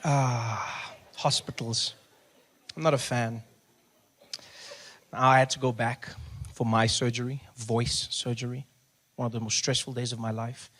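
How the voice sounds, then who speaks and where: A man's voice: mid-range voice, unhurried, pauses often. A man, telling stand-up stories and acting out the characters in them. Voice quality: animated, acts out characters. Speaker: stand-up comedian. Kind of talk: stand-up storytelling. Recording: live stand-up with crowd noise.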